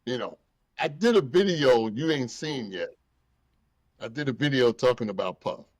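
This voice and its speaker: Medium in pitch and normal in speed, this man's voice comes through with no room sound. He runs a casual podcast, telling stories with lots of feeling, performing the people in them, and not shying away from swearing.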